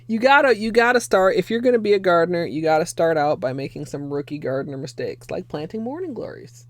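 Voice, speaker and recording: Painting her nails on a livestream, a young woman chats in a lowish, animated voice at normal speed. She's casual and profane, laughs a lot, and thanks her viewers.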